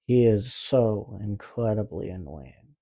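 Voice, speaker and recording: A man's voice: fairly low pitch, animated, takes it slowly, mellow, dry recording. A man from Canada with a speech impediment, recapping a horror movie in a casual, rambling way, with sarcastic, profane asides. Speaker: movie reviewer.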